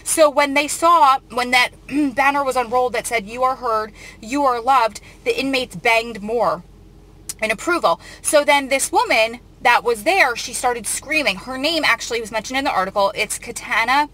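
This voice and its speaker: A woman's voice: fairly high pitch, moderate pace, pushed and bright. A woman host reading out a news article and commenting on it, earnest and emotional, often restarting her sentences.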